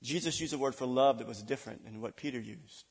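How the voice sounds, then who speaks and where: A man preaching a sermon, dramatic, swinging between loud declarations and hushed asides. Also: mid-range voice, fast, husky. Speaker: pastor. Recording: long reverb of a large hall.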